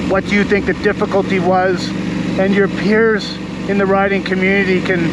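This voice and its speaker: A man riding an adventure motorcycle alone, talking casually to the camera outdoors while he thinks aloud. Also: high voice. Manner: relaxed, chatty, thinking aloud with fillers. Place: outdoors on a remote trail. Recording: loud engine and wind noise behind.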